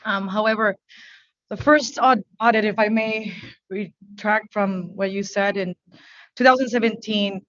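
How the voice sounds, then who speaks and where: A woman speaking English as her second language, a business owner testifying before a board in a halting, earnest, emotional way. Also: mid-range voice, fairly bright tone, no echo, highs cut off. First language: not English. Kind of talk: testimony at a public hearing. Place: hearing room.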